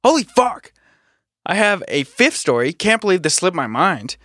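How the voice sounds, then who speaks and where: A man hosting a podcast, reading a listener's ghost story in a steady, matter-of-fact way. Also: fairly high pitch, moderate pace, no echo, clean studio sound. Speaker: podcast host.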